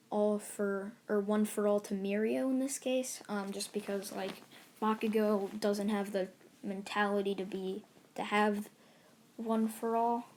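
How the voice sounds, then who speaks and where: A woman's voice: mid-range voice, dark tone. A woman casually narrating a made-up fan story as the channel host, rambling with many fillers and restarts.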